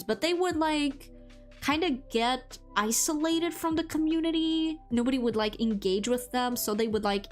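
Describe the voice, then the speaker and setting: A young woman streamer chatting casually with viewers, rambling with lots of fillers and restarts. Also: medium pitch. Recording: faint music behind.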